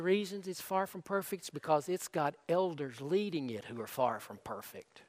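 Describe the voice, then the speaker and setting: This pastor's voice sits on the high side as he preaches at a moderate pace with hardly any pauses. His sermon is earnest and conversational, full of restarts, and the church sanctuary gives it a long hall reverb.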